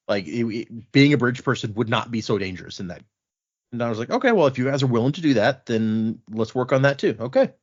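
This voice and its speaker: Podcast host guy going thru the chapters, chatty and animated, kinda muffled lo-fi audio. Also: medium pitch. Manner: animated retelling, acting out quotes in passing. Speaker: podcast host recapping a book. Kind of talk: casual chat.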